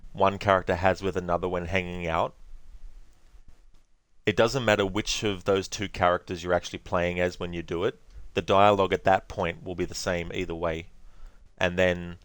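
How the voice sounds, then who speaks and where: A man's voice: sits low, a bit bright, no echo. A man hosting a let's play, chatting casually over gameplay with rambling, laughing asides.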